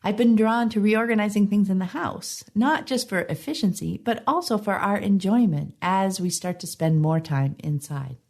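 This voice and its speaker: Hoarse-sounding woman hosting a podcast. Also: medium pitch, expressive, moderate pace, few pauses, a little mellow. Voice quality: slightly hoarse, frog in throat. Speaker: podcast host. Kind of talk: podcast intro and interview.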